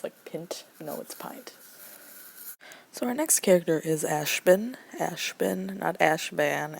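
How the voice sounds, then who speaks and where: A woman with a low, gravelly voice casually explains a casting call to voice actors. She rambles, leans on fillers and often sinks into a near-whisper. Her tone is dark and mellow.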